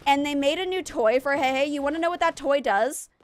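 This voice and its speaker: Playing a game on stream, a woman who is a mom and ex-teacher chats loosely with her audience in a high, slightly fast voice. She rambles animatedly with plenty of fillers, and there's no echo.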